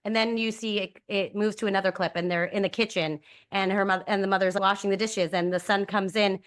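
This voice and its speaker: A woman co-hosting a podcast, retelling a story in a lively, storytelling way. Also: mid-range voice, brisk. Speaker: podcast co-host. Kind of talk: reflective conversational podcast.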